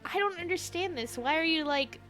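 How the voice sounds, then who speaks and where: Young woman gamer, high voice, reacting loudly, game music going behind. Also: expressive, brisk. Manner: incredulous, swearing, laughing. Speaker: let's play streamer. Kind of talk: casual game commentary.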